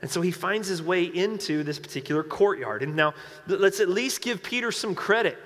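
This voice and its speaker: A man preaching a sermon to a congregation, animated and emphatic, with joking asides. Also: sits high, a little fast. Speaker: pastor. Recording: long hall reverb.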